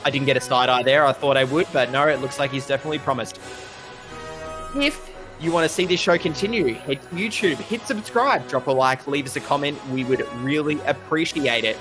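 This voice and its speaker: A man's voice: medium pitch, brisk, over music. A man co-hosting a film podcast, chatting casually and rattling off playful plugs for the show. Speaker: podcast co-host.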